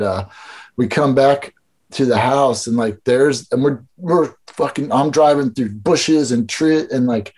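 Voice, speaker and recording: A man's voice: mid-range voice, darkish tone. Rambling, profane man from Illinois. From Illinois, USA. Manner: rambling, profane, heavy on filler words. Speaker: podcast guest, skatepark builder. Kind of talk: casual storytelling chat.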